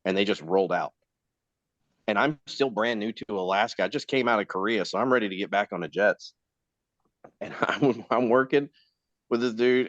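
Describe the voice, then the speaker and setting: A man's voice: lowish voice, no echo. A man on a podcast, casually telling a profane work story and acting out the people in it. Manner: profane, animated storyteller doing quoted voices. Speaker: podcast co-host. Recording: dull lo-fi sound.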